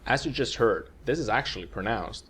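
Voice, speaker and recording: A man calmly explaining a language lesson, played from a video. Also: medium pitch, a little fast, a little hiss or hum. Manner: calm, explanatory. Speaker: language teacher.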